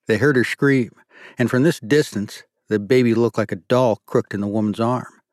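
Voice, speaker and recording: A man narrating an audiobook in steady, measured scripted storytelling. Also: mid-range voice, no room sound, studio quality.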